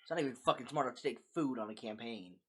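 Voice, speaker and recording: A woman with an unusually deep voice, taking part in a tabletop role-playing game. She answers in short, dry, blunt lines with a sarcastic edge. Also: racing, fairly bright tone, husky. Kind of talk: in-character role-play.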